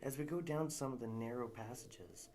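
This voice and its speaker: A man's voice: medium pitch, normal speed, background noise. A man reading a story aloud in a live narration, casual and unpolished, with restarts.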